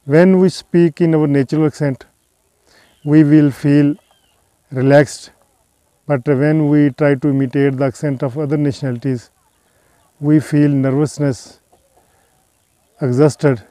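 Hesitant man speaking slowly with fillers. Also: on the high side, fairly even intonation, dark tone, no echo. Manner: hesitant, frequent "uh" fillers, slow and careful. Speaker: English teacher vlogger. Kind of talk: casual talk to camera.

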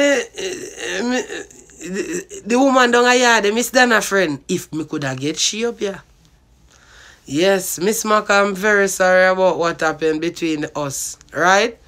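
Bright rambling Jamaican man. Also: high-pitched, normal speed. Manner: loose, swearing, rambling patois talk. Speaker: party promoter. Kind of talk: rambling vlog monologue.

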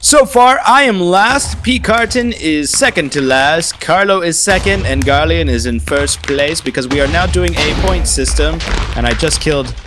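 A man chatting casually while playing a game with friends, excitable, groaning and trash talking. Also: a little high, normal speed, music in the background. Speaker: gamer. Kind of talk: casual gameplay chat.

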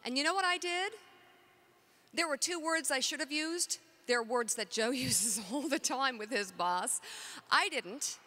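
A woman's voice: high-pitched, unhurried, bright, forceful tone. A middle-aged woman, a talk show co-host and author, talking candidly and with self-deprecating humor on a conference stage.

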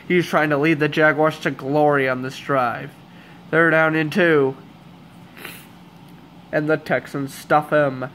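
A young man calling a football game as a fan commentator, hoarse and under the weather, with sarcastic, exasperated asides. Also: a little high, fairly even intonation, slow, long pauses, fairly bright tone, a little hiss or hum. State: hoarse, voice giving out. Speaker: amateur play-by-play commentator.

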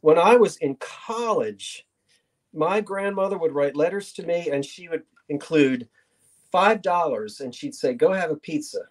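A man's voice: fairly high pitch, lively intonation, unhurried. A middle-aged man hosting a live online sale, chatty and playful as he shows old cards. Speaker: auction host.

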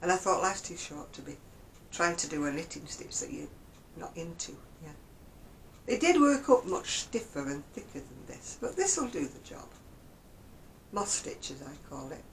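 A woman's voice: low-pitched, sing-song, moderate pace, a little hiss or hum, low-quality recording. An older woman chatting casually about her knitting in a rambling, self-deprecating way. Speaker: craft vlogger. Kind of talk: casual knitting chat to camera.

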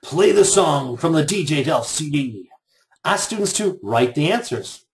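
A man's voice: a little high, sing-song, measured pace, crowd noise. A middle-aged man leading a live online workshop for teachers, chatty and joking, with sarcastic asides. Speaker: teacher trainer.

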